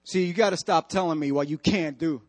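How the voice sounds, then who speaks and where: A man's voice: on the high side, a little fast, darkish tone. A male pastor preaching a sermon, emphatic and repetitive, putting direct questions to the congregation in church.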